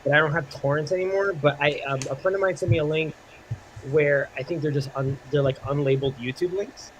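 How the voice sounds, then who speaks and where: A man chatting as a guest on a casual livestream, relaxed and a little hesitant. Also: on the high side, a little fast, slight background noise, rough recording. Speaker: show guest.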